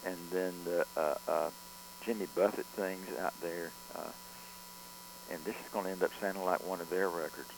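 A man, a record producer, telling studio stories in a relaxed interview, rambling with frequent restarts and fillers. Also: low-pitched, moderate pace, long pauses, background noise. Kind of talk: conversational storytelling interview.

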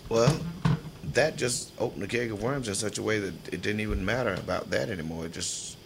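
An older man remembers his school days for an oral history interview. His voice sits very low and gravelly, and he laughs easily while acting out the people in his stories. A faint background hiss runs under the recording. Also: a little fast. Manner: folksy storyteller, laughs often, acts out voices in his stories.

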